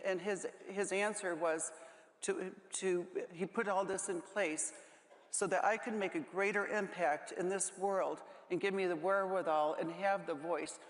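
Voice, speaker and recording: Woman panel guest, close to tears, halting delivery, recorded in an echoey conference hall. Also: lowish voice. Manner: halting, with many restarts. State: holding back tears. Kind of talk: emotional panel talk. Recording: echoey hall with long reverb.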